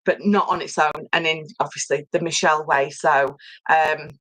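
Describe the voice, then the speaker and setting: Middle-aged woman, casual livestream host, low-pitched, dry close sound, chatty and rambling. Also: steady tone, normal speed, fairly bright tone, no echo, poor audio. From England. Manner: chatty, rambling, reads viewer comments aloud. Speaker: papercraft host. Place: home craft room.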